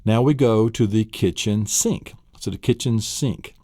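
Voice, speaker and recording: A man's voice: fairly low pitch, measured pace, dark tone, dry recording, clean studio sound. A man from Tennessee with a Southern US accent, teaching vocabulary on a memory-training tape and quizzing the listener with vivid mental images. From Tennessee, USA. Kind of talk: recorded vocabulary lesson.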